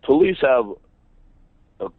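A male caller phoning into a talk show, chatting casually in a relaxed, rambling way with lots of fillers. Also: medium pitch, slow, breathy edge, no echo. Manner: relaxed, rambling, with many fillers like bro and man. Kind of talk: casual chat. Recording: dull lo-fi phone line.

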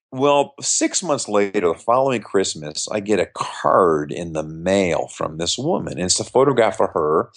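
A middle-aged man, a magician being interviewed, telling stories and acting out the voices of the people in them. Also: fairly low pitch. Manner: animated storyteller acting out quoted voices. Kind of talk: storytelling in an interview.

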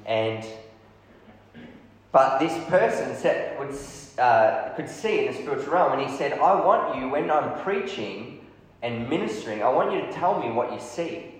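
A man preaching a storytelling sermon, lively, acting out the dialogue of the people in his story. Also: mid-range voice, unhurried. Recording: echoey hall, heavy reverb.

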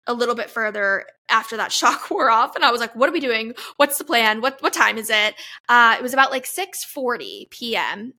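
A young woman hosting a podcast, telling a long, excited story full of fillers and gushing asides. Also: a little high. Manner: gushing, breathless fan recap with many fillers. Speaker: podcast host.

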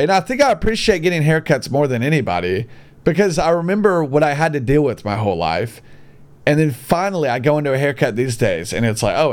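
A young man telling a personal story in a casual monologue, blunt and swearing freely, swinging between high exclamations and low mutters. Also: a little mellow.

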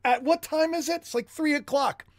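A man hosting a livestream commentary show, excitable and animated, chatty with jokey asides. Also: very high-pitched, moderate pace, dry recording, studio quality. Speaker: host.

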